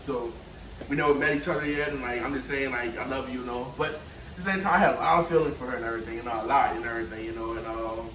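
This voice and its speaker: A man's voice: medium pitch, steady tone, fast talker. A young man from New Orleans with a New Orleans accent, telling a story in a casual chat and leaning on "you know" and "and everything". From New Orleans, Louisiana. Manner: laid-back, leans on "you know" and "and everything". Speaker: boyfriend of the vlogger, cameraman. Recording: roomy and a bit distant, faint hiss.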